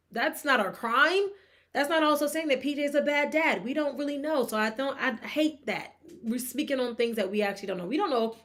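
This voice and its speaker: A woman, co-hosting a sports gossip podcast in an opinionated, animated way, firing off rhetorical questions at her listeners. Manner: breaks into high-pitched laughing disbelief. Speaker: podcast co-host. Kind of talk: casual sports gossip commentary.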